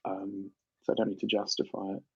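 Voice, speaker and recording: A British man from the UK hosts a livestream, chatting animatedly with viewers and laughing often. His low voice is monotone, husky and a little fast with vocal fry, captured in a muffled recording with no room sound.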